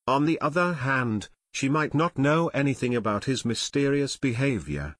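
A male audiobook narrator with a steady, measured delivery at a middle pitch. The recording is dry and close, with no room sound at all. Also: no room sound.

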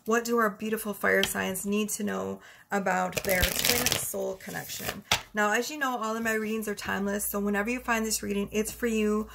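A woman tarot reader talking casually to the camera from her bedroom, chatty and quick to laugh as she pulls cards. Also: medium pitch, fairly even intonation, gravelly, background noise. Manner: chatty, laughs often, talks straight to viewers. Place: bedroom at home.

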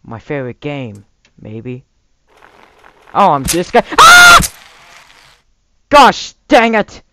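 A young man commentating a gameplay video, shouting and laughing between low mutters. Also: big pitch swings, slow pace, heavy background noise. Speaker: gamer. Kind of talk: let's play commentary.

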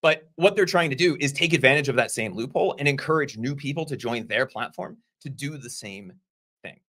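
A man co-hosting a casual discussion show, explaining points in a conversational way with quick asides. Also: medium pitch, expressive, fairly bright tone. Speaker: podcast co-host.

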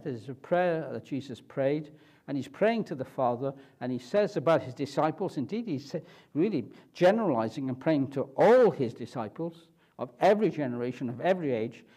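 A man preaching a sermon at a church, asking and answering questions slowly and deliberately. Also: on the high side, mellow, slightly rough.

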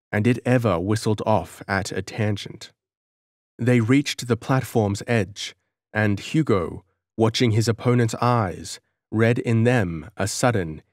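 A man narrating an audiobook in a measured, dramatic storytelling manner. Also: on the low side, a little mellow, no echo, studio quality.

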